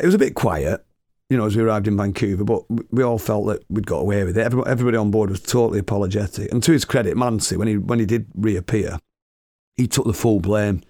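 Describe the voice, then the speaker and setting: Gravelly man telling a story. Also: on the low side, a little mellow, dry recording, studio quality. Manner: swearing, chuckling anecdotal delivery. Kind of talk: comic storytelling monologue.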